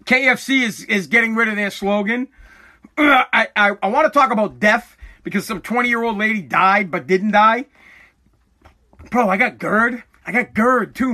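A forty-year-old man hosting his podcast from a home basement, ranting angrily and profanely, bursting into yelling, his throat scratchy from dust. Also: high-pitched, moderate pace. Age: 40s. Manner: aggravated, swearing, bursts into yelling. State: throat irritated by dust, coughing. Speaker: podcast host. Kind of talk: angry profane rant.

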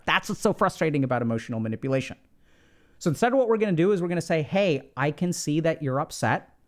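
Man, podcast host, casual explaining, conversational fillers, somewhat high-pitched. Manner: conversational, many "like" fillers and "right?" check-ins. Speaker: podcast host giving relationship advice.

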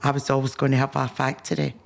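A woman's voice: quick pace, vocal fry. A woman telling her business story in an interview, acting out the dialogue with animation. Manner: animated, acts out dialogue with rising pitch. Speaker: guest, business founder. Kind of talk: storytelling in conversation.

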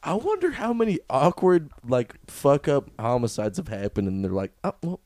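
A man's voice: medium pitch, sing-song, normal speed, darkish tone, dry recording, studio quality. A man co-hosting a comedy podcast, telling crude stories loosely with filler words. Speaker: podcast co-host. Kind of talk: casual comedy chat. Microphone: studio podcast microphone.

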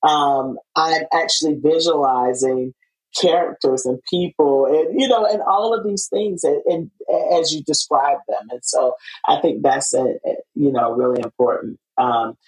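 A woman with a low voice hosts a podcast conversation. She talks casually and animatedly, often restarting her sentences and breaking into laughter. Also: measured pace, darkish tone, low-quality recording. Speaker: podcast host. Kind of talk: casual interview chat.

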